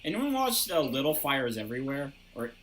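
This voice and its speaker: A man's voice: mid-range voice, sing-song, normal speed, fairly bright tone, rough recording. A man hosting an improv comedy show over a video call, joking playfully and trailing off with fillers. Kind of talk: casual comedic banter.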